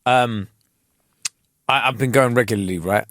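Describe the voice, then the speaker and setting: A man, co-hosting a podcast and telling a story in a casual, animated way full of slang. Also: medium pitch, normal speed, no echo, clean studio sound. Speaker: podcast co-host. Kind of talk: casual chat.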